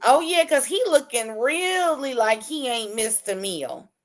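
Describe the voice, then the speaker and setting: A woman's voice: on the high side, expressive, measured pace. A woman co-hosting a casual TV recap chat, talkative and prone to long explanations. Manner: chatty, explains at length. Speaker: podcast co-host.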